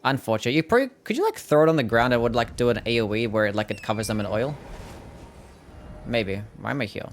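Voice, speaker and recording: Australian guy, young, mid-pitched voice, easygoing game streamer who swears freely and chats with viewers. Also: lively intonation, quick pace. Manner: laid-back, swears freely, answers chat. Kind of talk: casual gameplay commentary.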